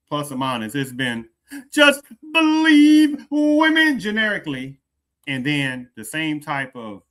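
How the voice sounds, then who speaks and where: A man hosting an opinionated commentary show, talking emphatically, repeating phrases and drawing out stressed words, swinging from loud to hushed. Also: medium pitch. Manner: emphatic, repeats phrases, asks "do you understand".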